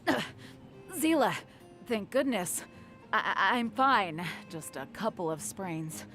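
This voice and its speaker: A shaken young woman miner stammers out her account in a flustered way. Her voice sits at a middle pitch. It is video game voice acting. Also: expressive, takes it slowly, fairly bright tone, soft background music.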